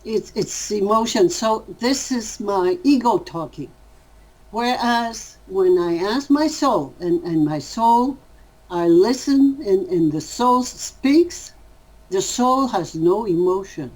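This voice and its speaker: Slow, measured woman speaking. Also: medium pitch, animated, a little mellow, low-quality recording. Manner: measured, pausing to rephrase. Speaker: interviewee. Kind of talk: thoughtful interview answers.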